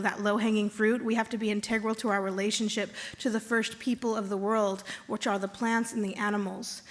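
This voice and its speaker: A woman serving as tribal chairwoman, giving a measured, earnest land acknowledgement and calling on the audience to repeat words after her. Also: on the high side. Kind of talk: ceremonial address to an audience. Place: conference hall.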